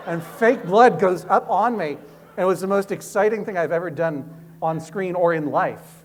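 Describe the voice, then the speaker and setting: A man's voice: sits high, moderate pace, a little hiss or hum. A man who is a guest author on stage, talking in a rambling, self-mocking way with lots of restarts. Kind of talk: live stage conversation. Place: stage before a live audience.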